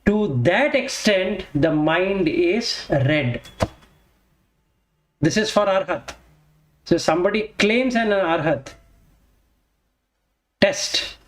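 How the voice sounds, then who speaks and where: A man's voice: sits high, expressive, slight background noise. Man teaching Buddhist scripture, echoey room. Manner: explains slowly, with pauses and self-corrections. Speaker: dharma teacher.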